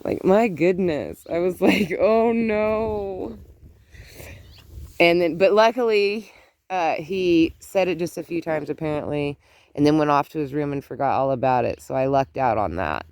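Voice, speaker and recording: Low-pitched, a little mellow, clear and resonant, the older woman's voice moves at a moderate pace. She's a grandmother vlogging outdoors, casually chatting through a family tale with laughs and asides.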